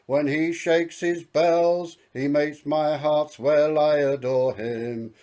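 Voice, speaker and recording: A man's voice: on the high side, fairly even intonation, takes it slowly, a little mellow. A man singing as a lovestruck young daughter. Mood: pleading. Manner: sung pleading lines. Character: young woman in love, pleading with her father. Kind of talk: comic song.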